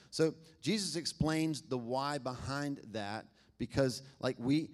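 A man's voice: medium pitch, a little mellow. Male pastor, conversational sermon delivery, engages the room with questions. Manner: conversational, asks the congregation questions.

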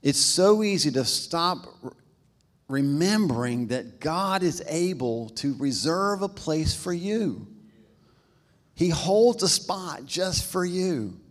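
Pastor telling a story in a reverberant hall. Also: male voice, fairly high pitch, lively intonation, takes it slowly. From American South. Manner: storytelling, acts out quoted voices, says "y'all". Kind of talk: sermon with a personal story.

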